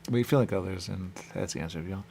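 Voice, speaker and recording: Deep gravelly man rambling on radio. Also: rapid-fire, dark tone, slight background noise. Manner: loose, repetitive, musing, keeps saying "there you go". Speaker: radio show host. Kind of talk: rambling monologue.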